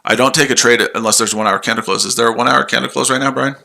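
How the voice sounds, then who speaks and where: A man's voice: mid-range voice, steady tone, rapid-fire, gravelly, pushed and bright. Sarcastic, tired man streaming trades. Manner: sarcastic, repetitive, combative. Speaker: trading livestream host. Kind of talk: live trading stream, answering chat.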